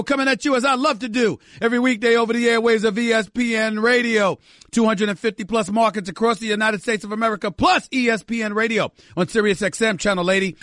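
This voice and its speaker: A male sports radio host with a very high, bright, forceful voice, recorded dry and close in a studio. He rants emphatically, circling back on the same phrases for effect. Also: no echo. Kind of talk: sports talk radio monologue.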